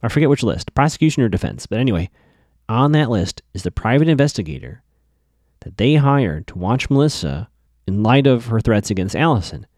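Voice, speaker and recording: A man's voice: mid-range voice, sing-song, brisk, darkish tone, no room sound, clean studio sound. A man casually recapping a TV episode in a chatty, offhand way with frequent fillers.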